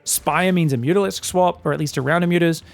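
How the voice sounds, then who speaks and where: An Australian man with a slightly higher voice and a gravelly edge, chatting and joking through live esports commentary. He rambles casually between the game calls. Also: fairly quick. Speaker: esports caster.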